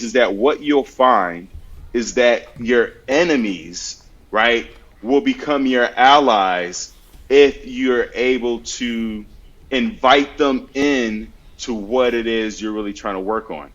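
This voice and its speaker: A man with a medium-pitched voice speaks slowly on a podcast, and the recording has its highs cut off. As a guest offering mental health advice, he's earnest and conversational, illustrating his points with anecdotes he acts out.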